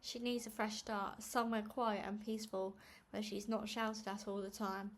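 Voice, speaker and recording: A woman's voice: mid-range voice, flat delivery, moderate pace, natural voice. A woman reading aloud and voicing a timid young mother who speaks shakily and hesitantly through tears. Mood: pleading. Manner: shaky and hesitant.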